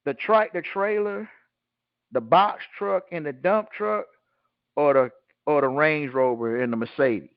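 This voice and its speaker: A man with a fairly high voice, speaking a little slowly, leads a group call as its teacher. He's blunt and colloquial, asking his listeners rhetorical questions and then answering them, and the audio has no echo and its highs cut off.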